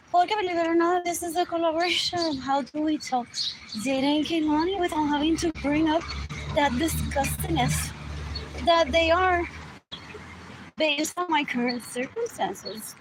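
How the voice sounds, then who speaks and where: A woman's voice: high voice, normal speed. A woman hosting a rambling solo livestream, musing aloud, repeating herself and switching between English and Spanish. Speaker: livestream host. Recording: loud background noise.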